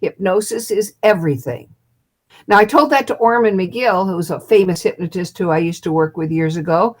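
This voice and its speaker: A woman's voice: lowish voice, normal speed. An older woman in her seventies spins a story with real animation, playing out the voices of the people she quotes. She is a hypnotist guest speaking over a video call. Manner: lively storyteller who acts out quotes and laughs.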